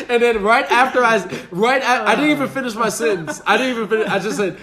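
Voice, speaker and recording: A man's voice: very high voice, quick pace, hardly any pauses, slight background noise. A man on a casual podcast, telling a story with lots of laughter and acted-out quotes. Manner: animated, laughs often, acts out quotes. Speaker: podcast guest.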